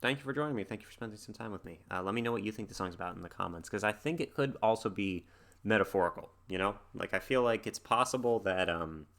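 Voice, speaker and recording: A man's voice: fairly low pitch, fast, fairly bright tone. A man hosting a music reaction video, thinking aloud in a rambling, casual way with many fillers. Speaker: music reaction channel host.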